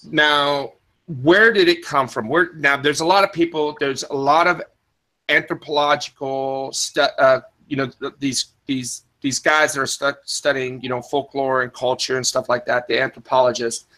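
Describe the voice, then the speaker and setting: A man's voice: mid-range voice, steady tone, moderate pace, bright, forceful tone, rough recording. A man hosting a podcast in casual talk, rambling with many restarts and fillers, and stopping to answer the live chat. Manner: answers live chat, spells words in the phonetic alphabet. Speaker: podcast host.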